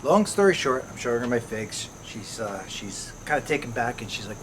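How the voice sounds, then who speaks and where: A man's voice: mid-range voice, sing-song, normal speed, hardly any pauses, fairly bright tone, slight background noise. A man in his thirties hosting a casual backyard vlog about fig trees, chatty and telling stories with quoted voices. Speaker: fig-growing channel host. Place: outdoors in a backyard garden.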